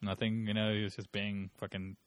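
A young man telling casual, profane stories in a relaxed chat, laughing as he talks. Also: lowish voice, a little fast, no echo. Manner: loose, profane, laughs through his stories.

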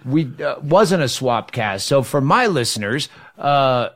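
A man, a comedian co-hosting a podcast, talking in a dry, casual way that trails off low. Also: lively intonation, measured pace, fairly bright tone. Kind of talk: casual chat.

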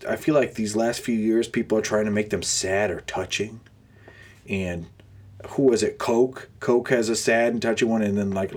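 A young man hosts a podcast in a casual, sarcastic rant, frequently groaning in disgust. His voice is fairly low and darkish in tone.

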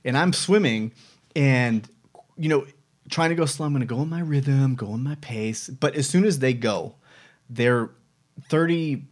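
A man's voice: medium pitch, measured pace. A man in his thirties hosting a casual personal vlog, talking reflectively with many fillers and restarts. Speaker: vlog host.

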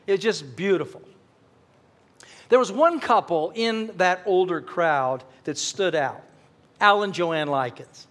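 A middle-aged pastor preaches in a notably high voice. He tells a personal story with earnest warmth and presses his points with fervent emphasis. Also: lively intonation, unhurried. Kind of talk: sermon.

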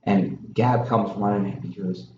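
A man co-hosting a podcast, telling a story in a casual, animated way. The sound is roomy and a little dull, with faint noise behind him. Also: on the low side, normal speed. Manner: animated, mimics others in raised voices while telling stories. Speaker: podcast co-host. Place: small warm room.

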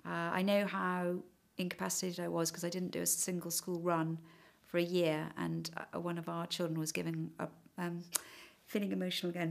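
A woman's voice: on the low side, level tone, brisk, vocal fry. Hesitant, reflective woman. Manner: hesitant, reflective, many fillers and "sort of". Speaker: interviewee. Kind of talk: personal account in conversation.

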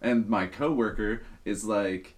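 A man's voice: lowish voice, takes it slowly. A young man hosting a podcast, casually telling a workplace story with lots of swearing. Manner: profane, animated storytelling. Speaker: podcast host.

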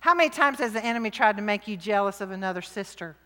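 A middle-aged woman, preaching to a women's rally with lively, emphatic, jokey swings between loud and hushed. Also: medium pitch, quick pace. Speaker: women's conference speaker. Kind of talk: sermon. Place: large church hall. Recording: long hall reverb.

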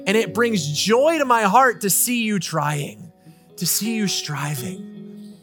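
A man's voice: high-pitched, animated, takes it slowly, fairly bright tone, faint music behind, pitched above the performer's own voice, full character voice. A man voicing God as a patient, loving heavenly father who speaks tenderly and reassuringly.

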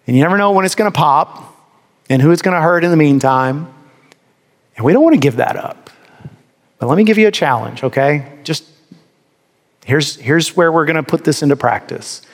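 Pastor preaching in an echoing hall. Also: male voice, a little high. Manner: animated, rhetorical questions, mock voices. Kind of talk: sermon. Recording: long reverb of a large hall.

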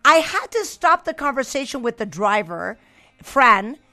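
Bright-voiced Mexican woman hosting. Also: fairly high pitch, unhurried. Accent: Mexican Spanish. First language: Spanish. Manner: animated, playful, switching between languages. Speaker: TV host. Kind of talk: lively bilingual interview.

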